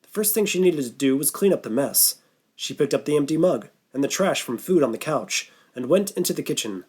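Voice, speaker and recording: Steady male audiobook narrator. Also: fairly high pitch, a little fast, slightly rough. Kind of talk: scripted narration.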